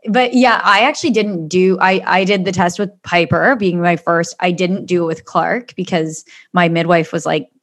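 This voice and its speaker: A woman in her thirties in casual chat, chatty and quick to react. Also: on the low side, a bit bright. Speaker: podcast co-host.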